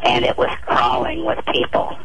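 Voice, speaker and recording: A woman's voice: moderate pace, close to an everyday voice. A woman voicing a mysterious, taunting criminal caller for a radio stunt, in a theatrical witchy voice, over a noisy radio broadcast. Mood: teasing. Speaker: radio bit performer. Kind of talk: radio stunt role-play.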